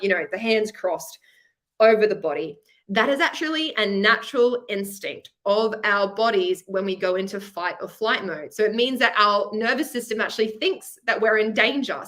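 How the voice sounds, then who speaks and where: A woman's voice: medium pitch, a bit bright. A woman with an Australian accent presenting a webinar masterclass for students, chatty and encouraging, explaining with examples over a webcam. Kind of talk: upbeat teaching webinar.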